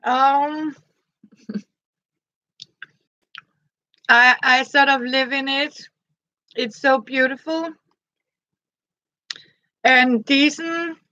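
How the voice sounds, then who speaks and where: A woman, chatting gently on a live stream and greeting her viewers by name. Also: high voice, steady tone, drawn-out words, long pauses, no echo, lo-fi sound. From Denmark. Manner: greets viewers by name between thoughts, gentle, frequent soft laughs. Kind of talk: casual live-stream chat.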